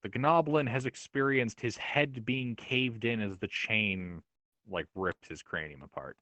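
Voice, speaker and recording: A man with a low-pitched voice running an online tabletop game as dungeon master. He talks casually and laughs easily. His voice sounds close and dry. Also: a little slow, sharp tone, no echo.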